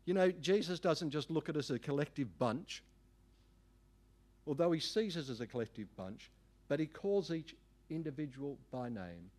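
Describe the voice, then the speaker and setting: Animated preacher, fairly high voice. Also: male voice, normal speed. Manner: animated, emphatic preacher with folksy asides. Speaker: pastor. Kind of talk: sermon.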